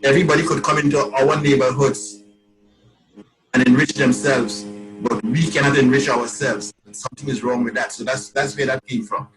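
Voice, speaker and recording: A Trinidadian man, a songwriter being interviewed, telling stories in a lively way, stumbling over repeated words and acting out what people say. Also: mid-range voice, normal speed, music in the background, low-quality recording. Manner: animated storyteller, repeats words, quotes people in a rising voice. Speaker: calypsonian guest. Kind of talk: casual interview talk.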